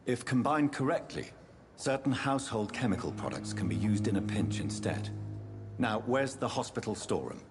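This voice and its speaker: Composed male doctor back from the war; low, formal and measured, over a game score. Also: big pitch swings, over music. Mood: calm.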